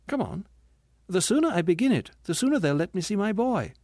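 A man's voice: high voice, sing-song, fairly quick, a little mellow, dry recording, clean studio sound, voice pushed up, full character voice. A male narrator voicing a grieving woman's ghost who speaks sharply and reproachfully in an audiobook. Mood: indignant, bitter. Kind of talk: audiobook character reading.

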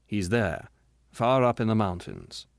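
A patient, gentle bright spirit, read by a man in his own low register. He talks softly and steadily, explaining with calm earnestness, though his pitch still moves a lot. The storybook recording is dry and close. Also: unhurried, vocal fry, no echo, full character voice. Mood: gentle, soothing. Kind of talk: audiobook character reading.

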